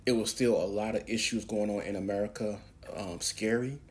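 A man's voice: fairly low pitch, steady tone, moderate pace. A man hosting a preaching podcast, speaking in an emphatic, preacherly way and pushing his voice up on key words. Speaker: podcast host.

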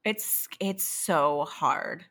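A young adult woman and parent of a toddler, exhausted, talking candidly in a halting, self-interrupting, emotionally raw way. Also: sits low, fairly bright tone. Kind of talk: candid conversational chat.

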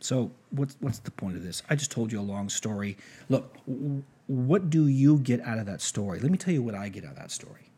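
A man with a mellow, husky voice hosts a podcast and tells a story out loud. He acts out both sides of a conversation with lively energy and restarts his sentences often. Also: medium pitch, fairly quick. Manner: animated retelling with quoted dialogue, frequent restarts. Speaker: podcast host. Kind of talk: storytelling monologue.

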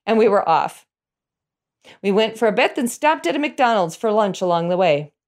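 Lively middle-aged woman telling a story. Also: mid-range voice, moderate pace. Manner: animated, chuckles through her telling. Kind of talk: personal storytelling.

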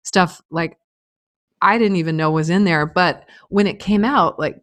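A woman's voice: fairly low pitch, measured pace, no room sound. A middle-aged woman telling a personal story as an interview guest, candid and earnest, with frequent filler words.

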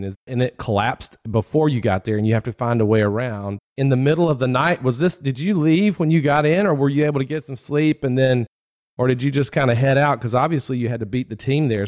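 A man's voice: medium pitch, fairly quick, a little mellow. A man hosting an interview podcast, joking and laughing along and asking long rambling questions. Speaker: podcast host. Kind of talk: conversational interview.

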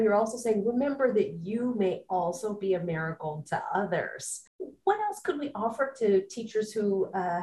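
A woman hosting a podcast interview, speaking warmly with a smile and encouraging her guest. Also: fairly low pitch, roomy sound, rough recording. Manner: warm, smiling, encouraging. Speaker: podcast host.

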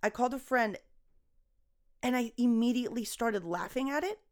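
A young adult woman, a comedian, talking casually on a podcast in a rambling, expressive way, swearing and laughing often. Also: on the high side, moderate pace. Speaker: guest comedian.

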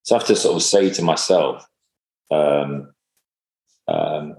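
A man in casual conversation, speaking in a halting, reflective way with many fillers and restarts. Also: deep voice, darkish tone. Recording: echoey room.

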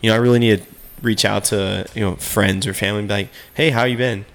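A man hosting a casual chat, animated, who often acts out quoted small talk. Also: lowish voice, quick pace, creaky.

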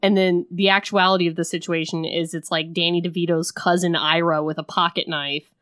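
A woman co-hosting a podcast in casual chat, recapping a film and acting out quick bits of its dialogue. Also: fairly low pitch, little pitch movement, a bit bright, smooth, no room sound, studio quality. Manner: chatty, retells scenes with quick acted-out quotes.

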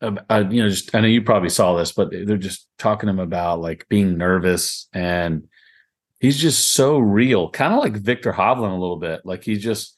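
With a Southern drawl and a fairly low voice at a moderate pace, this man co-hosts a golf podcast. His casual chat rambles easygoingly, full of laughs and plenty of "I mean."

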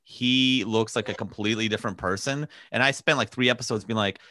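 Bright-voiced sarcastic young man. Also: fairly low pitch, a little fast, no echo. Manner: sarcastic, swearing, laughing often. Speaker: podcast co-host. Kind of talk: casual chat.

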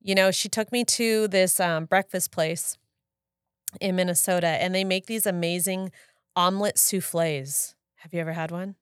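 A woman's voice: lowish voice, fairly even intonation, moderate pace, clean tone, dry recording, studio quality. A woman in her thirties co-hosting a casual podcast, telling stories and quoting herself as she goes. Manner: chatty storyteller, quotes herself, laughs often. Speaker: podcast co-host. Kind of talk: casual chat.

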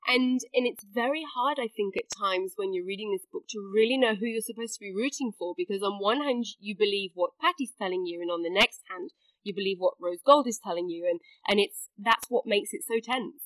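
A woman's voice: medium pitch, fairly quick, fairly bright tone, dry recording, rough recording. A woman interviewing an author, engaged and enthusiastic about the book. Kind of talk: interview chat.

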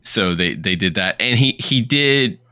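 A man co-hosting a podcast in relaxed, casual chat, often agreeing and searching for words. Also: fairly low pitch, unhurried, clean tone. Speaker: podcast co-host.

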